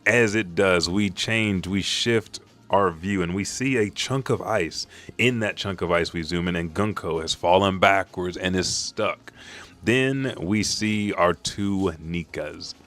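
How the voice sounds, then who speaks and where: A man recapping a manga chapter, excitable and loose, with frequent swearing. His voice sits low and deep. He talks quickly and casually as he runs through the events. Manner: profane, excitable retelling.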